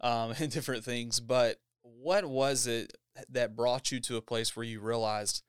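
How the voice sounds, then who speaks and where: An upbeat man hosts a church podcast in an easy interview style, with a smooth, clear voice. The sound is dry and close, with no room echo. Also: mid-range voice, fairly even intonation, unhurried, few pauses. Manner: upbeat, laughs often. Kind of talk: casual interview.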